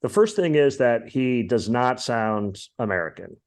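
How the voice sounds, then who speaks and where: A man's voice: medium pitch, animated, unhurried, darkish tone. A man hosting a podcast, chatting casually about music in an opinionated, rambling way full of fillers. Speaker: podcast host.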